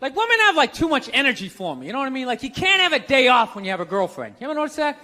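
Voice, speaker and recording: A man's voice: very high voice, big pitch swings, very fast, pushed and bright. A middle-aged man doing stand-up comedy, ranting in a sardonic, punchy way.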